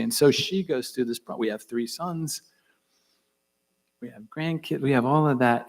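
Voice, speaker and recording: Older male keynote storyteller, gravelly and husky, intense, slips into whispers. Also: mid-range voice. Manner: intense, drops into hushed whispers for emphasis. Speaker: conference speaker.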